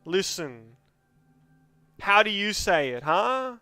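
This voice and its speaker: A man's voice: high voice, very animated, slow pace, pushed and bright, smooth, soft background music. A man with an Australian accent giving rambling, joking gameplay commentary as a streamer, laughing often into a close microphone.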